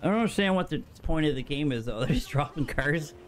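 A man giving casual, excitable, profane gameplay commentary to himself from a small room at his computer. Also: fairly high pitch, quick pace. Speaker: gamer.

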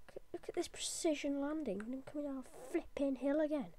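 A woman narrating her own gameplay in a quick, chatty running commentary. Her voice sits a little higher than most, and she jumps between jokes and excited outbursts. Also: a little hiss or hum. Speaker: gamer. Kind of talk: let's play commentary.

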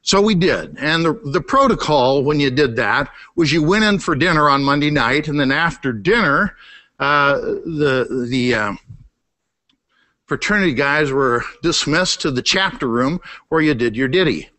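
A middle-aged man delivers a sermon in a high, bright, ringing voice. He leans hard on repeated words and swings from raised emphasis to low, hushed lines. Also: lively intonation, a little slow. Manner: emphatic, repeats key words, rises in pitch for emphasis then drops low and quiet. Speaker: pastor. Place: church sanctuary.

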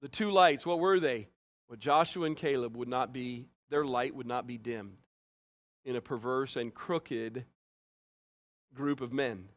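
A man preaching a sermon to a congregation. He talks in an earnest, conversational way and swings between loud rises and soft, quiet drops. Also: medium pitch. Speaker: pastor.

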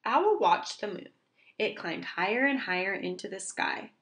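A woman reading a children's storybook aloud, slow, clear and expressive for young listeners. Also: mid-range voice. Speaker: reader.

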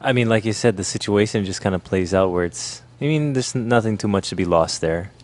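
Low-voiced easygoing male guest. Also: brisk. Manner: easygoing, laughs along. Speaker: guest co-host. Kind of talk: casual advice chat.

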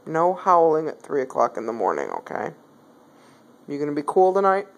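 A woman at home, filming on her phone and talking in coaxing, affectionate pet talk to her cat, her voice swooping up high. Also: very animated, moderate pace, gravelly. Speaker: pet owner. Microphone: phone camera.

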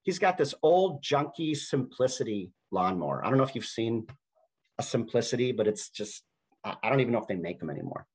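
Husky-voiced man telling a story. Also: mid-range voice, lively intonation, brisk, poor audio. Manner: conversational, anecdotal, with frequent restarts. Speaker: speaker at a university talk. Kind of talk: storytelling talk.

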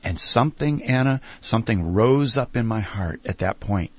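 A middle-aged man speaking earnestly in an interview, sharing a heartfelt story about faith and slowing down for emphasis. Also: medium pitch, animated, no echo.

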